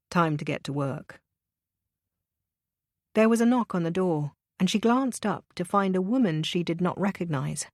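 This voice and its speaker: Low-voiced woman narrating an audiobook. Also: a little mellow, dry recording, studio quality. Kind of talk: scripted narration.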